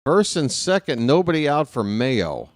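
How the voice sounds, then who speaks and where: A man's voice: medium pitch, big pitch swings, unhurried, no room sound, clean studio sound. A man calling a baseball game live as a fan play-by-play host, rooting openly for his team in a chatty way. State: hiccups.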